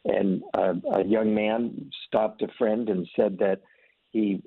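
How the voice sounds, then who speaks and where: A low, gravelly man with a husky edge talks earnestly, slipping into voices for the people in his stories. He comes through a thin, tinny phone line with a dry sound. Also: flat delivery, takes it slowly, no echo. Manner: earnest storyteller, acts out voices in anecdotes. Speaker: ministry leader. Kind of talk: conversational testimony.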